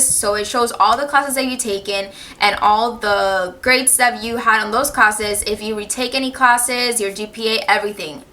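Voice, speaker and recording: A young woman in her twenties tells a story to the camera in a lively, rambling way, filling it with "like." Her voice is fairly high and bright, with a crisp edge. She sounds casual and talkative. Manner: animated, many "like" fillers. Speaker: vlogger.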